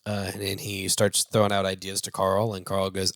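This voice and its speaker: A low-voiced man retells a movie plot casually, tripping over his words with plenty of fillers. He laughs every so often, and his voice sounds close and dry, with no room echo. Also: monotone, normal speed, a bit bright. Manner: rambling, with many fillers and restarts; laughs while talking. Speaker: movie review show host.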